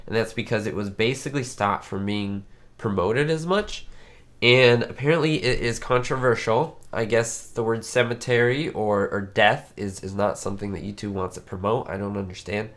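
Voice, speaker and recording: A man's voice: fairly low pitch, normal speed, fairly bright tone. A man hosting a live-stream chat, his voice nasal and congested from a cold, talking in a chatty, rambling way with many fillers. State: sick, congested. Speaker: YouTube host. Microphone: webcam setup.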